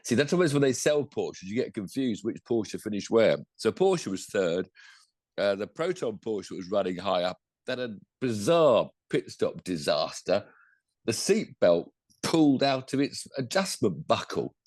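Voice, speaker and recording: A man's voice: on the low side, sing-song, unhurried, a little mellow, no echo, studio quality. A man co-hosting a podcast, chatting casually about motorsport in a rambling, self-correcting way. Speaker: podcast co-host.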